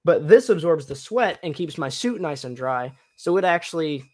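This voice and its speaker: A man's voice: fairly high pitch, animated, moderate pace, a little mellow. Rambling upbeat young man. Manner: rambling, upbeat, many fillers. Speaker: podcast host and cosplayer. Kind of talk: casual chat.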